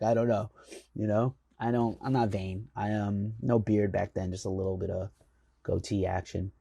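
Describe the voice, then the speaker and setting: Brief: low, gravelly, husky American man, casual rambling host storytelling. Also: level tone, normal speed, warm tone, no room sound. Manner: rambling, filler-heavy, enthusiastic. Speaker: magazine chief editor hosting the show.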